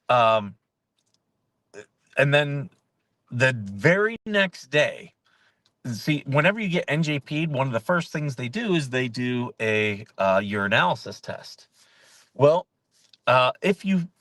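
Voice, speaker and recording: A man's voice: medium pitch, a bit bright, dry recording. Man telling service stories, dry sound. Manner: conversational storytelling with frequent restarts and fillers. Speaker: host. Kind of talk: casual talk show monologue.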